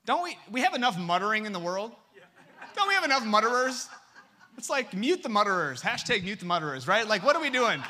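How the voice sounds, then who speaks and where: A man preaching a sermon as pastor, joking with the congregation and dropping to a hush for emphasis. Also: high-pitched, brisk. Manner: lively and humorous, swinging between loud and hushed.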